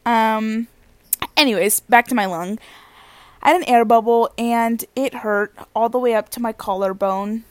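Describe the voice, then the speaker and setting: Young woman rambling from her bed, kinda high voice, laughs at herself, dry sound. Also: a little slow, no echo. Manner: rambling, self-deprecating, giggly. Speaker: vlogger. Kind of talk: casual chat. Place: bedroom, lying on bed.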